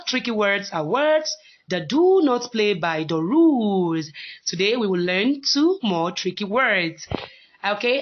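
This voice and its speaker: A woman's voice: medium pitch, dull audio. A woman teaching a phonics lesson to young children, patient and repeating words for them to copy.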